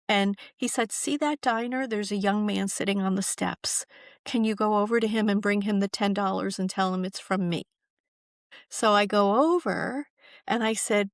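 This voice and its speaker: A woman, an author appearing as a podcast guest, telling stories in a warm-hearted, emphatic way and acting out the quotes. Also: medium pitch, creaky, no room sound, studio quality. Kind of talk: conversational storytelling.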